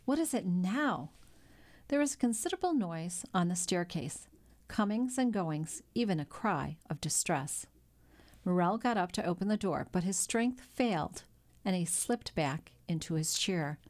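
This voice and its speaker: A woman reads a classic novel aloud, her voice sitting a little low. She tells the story in a measured, even way, letting each scene unfold steadily. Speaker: audiobook narrator. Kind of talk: scripted narration.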